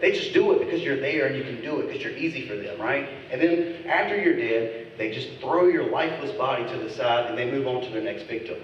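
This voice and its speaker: A man's voice: medium pitch, lively intonation, a little fast, hardly any pauses, dull audio, a little hiss or hum. A man doing a stand-up comedy set on a club stage, crude and teasing as he riffs with the crowd. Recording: echoey club recording from far off.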